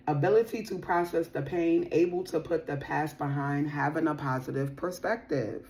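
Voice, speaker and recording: A woman's voice: sits low, moderate pace, few pauses, darkish tone. A woman giving a casual tarot reading to her viewers. She talks in a chatty, slangy, playful way and laughs often. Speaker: tarot reader.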